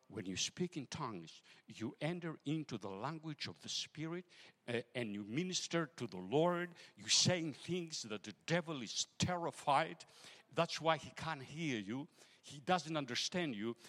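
A man whose first language is Greek, preaching a testimony sermon and telling his story with emotion, swinging from loud exclamations to hushed asides. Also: on the high side, very animated, measured pace, in a large hall. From Greece. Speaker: guest preacher.

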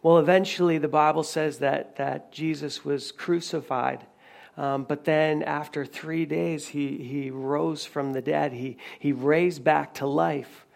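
A man delivers a sermon in an easy, conversational way, often restarting his sentences as he retells a story. His voice sits fairly high for a man and carries a gravelly rasp. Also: steady tone, measured pace. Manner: conversational preaching with many restarts and retold dialogue. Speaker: pastor.

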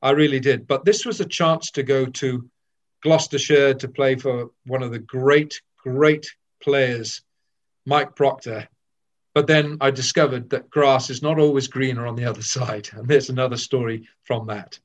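An older man from Wales telling candid stories of his cricket career, lively and with frequent restarts. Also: medium pitch, normal speed, highs cut off. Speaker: former cricketer. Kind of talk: reminiscing storytelling.

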